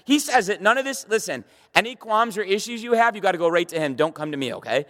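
High-pitched emphatic pastor in a reverberant hall. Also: male voice, lively intonation, fast, fairly bright tone. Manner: emphatic, repeats words, rhetorical questions to the audience. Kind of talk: sermon. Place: church hall with a live audience.

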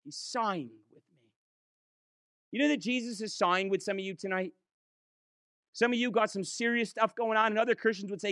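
A man preaching a sermon in church, impassioned, swinging between quick urging runs and slow, drawn-out emphasis. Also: sits high, fairly bright tone, no echo, clean studio sound.

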